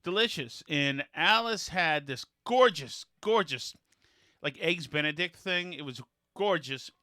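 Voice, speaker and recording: A man's voice: on the high side, expressive, a little slow, bright, forceful tone, no echo, studio quality. A man hosting a podcast in casual chat, rambling with many fillers and restarts, blunt and mocking. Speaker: podcast host.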